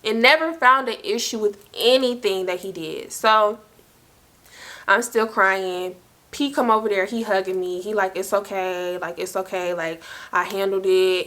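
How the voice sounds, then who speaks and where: A young woman telling a personal story to her viewers, casual and slangy, full of "like" and "y'all". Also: mid-range voice. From South Carolina. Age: young adult. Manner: slangy, animated, fillers of "like" and "y'all". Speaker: storytime vlogger.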